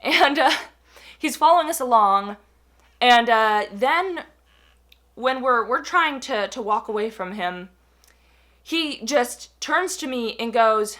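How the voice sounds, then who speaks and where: A young adult woman telling a personal story in a casual, animated way, full of fillers and acted-out quotes. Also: a little high, slow pace, long pauses.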